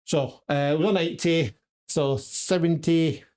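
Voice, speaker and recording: A man's voice: a little high, steady tone, measured pace, a little mellow. Man muttering darts checkouts to himself. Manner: muttering checkout numbers to himself, chatty with viewers. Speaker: darts vlogger. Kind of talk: casual live-stream chat while practicing darts. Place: home darts room.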